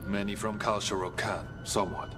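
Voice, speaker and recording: An actor playing a solemn, terse male dwarf guide who speaks in a formal, measured, ominous way. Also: on the low side, steady tone, background noise, close to an everyday voice.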